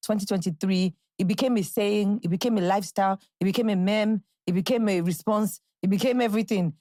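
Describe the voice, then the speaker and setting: A woman's voice: mid-range voice, a little fast, mellow, dry recording. A young Nigerian woman hosting a podcast, chatting casually and bubbly, dropping into playful quotes and impressions. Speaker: podcast host. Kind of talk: casual solo podcast chat.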